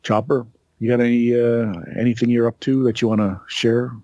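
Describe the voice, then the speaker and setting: A man's voice: mid-range voice, flat delivery, moderate pace, mellow, no echo, dull audio. Dry-joking man hosting a podcast. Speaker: podcast host. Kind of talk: casual podcast chat.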